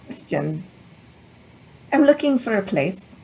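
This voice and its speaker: A woman voicing a poised female mercenary who speaks in a measured, formal way. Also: medium pitch, sing-song, gravelly, darkish tone, slight background noise, exaggerated voice, poor audio. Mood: cool.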